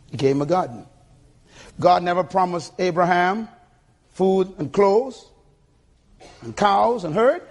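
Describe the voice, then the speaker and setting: An older man preaching a sermon to a church congregation with a husky voice, emphatic and calling for responses. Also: on the high side. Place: church sanctuary.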